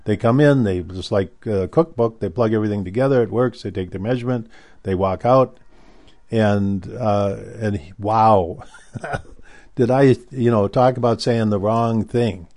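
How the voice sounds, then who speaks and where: A man's voice: fairly low pitch, measured pace, darkish tone. An older man telling a story about his past in a casual, rambling way, often stopping and restarting. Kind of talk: casual spoken recollection.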